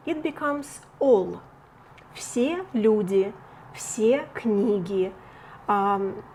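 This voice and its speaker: Slow, careful Russian-accented woman teacher. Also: medium pitch, darkish tone, breathy edge. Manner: slow and careful, repeating example words. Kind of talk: online language lesson.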